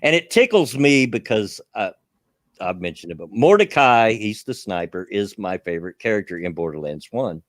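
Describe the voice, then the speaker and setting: A man's voice: fairly low pitch, big pitch swings, normal speed, dry recording, clean studio sound. A man with a Southern US accent hosting a casual chat stream, rambling about games and chuckling often.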